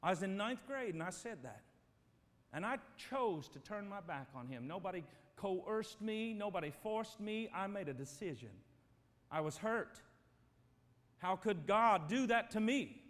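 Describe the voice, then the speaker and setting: Pastor, male, high voice, emphatic sermon delivery, big echoing church sound. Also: animated, measured pace. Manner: emphatic preaching, swings from loud to quiet. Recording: long reverb of a church hall.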